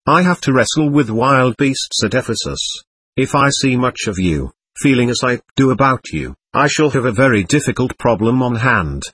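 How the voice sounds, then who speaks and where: A man reading as a reserved, husky-voiced man in love. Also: mid-range voice, lively intonation, moderate pace, a bit bright, no echo. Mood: earnest. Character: reserved, guarded middle-aged man in love.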